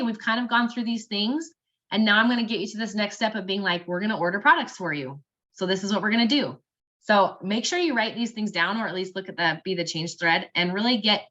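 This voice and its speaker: Young woman, casual encouraging coach, bright tone, lo-fi recording. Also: mid-range voice. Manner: upbeat and encouraging, acting out sample messages. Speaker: network marketing team member.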